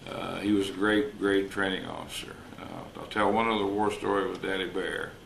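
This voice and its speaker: Older man with a deep gravelly voice. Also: steady tone, normal speed, fairly bright tone. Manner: folksy, anecdotal, acts out quoted dialogue. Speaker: retired wildlife officer interviewee. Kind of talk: storytelling interview. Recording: roomy recording with faint noise.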